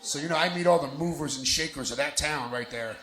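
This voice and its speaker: Performing stand-up live in a bar lounge, a man from New Jersey speaks on the high side, a bit bright and a little fast. His set is brash and profane, and he works the audience into each punchline. Crowd noise fills the roomy space.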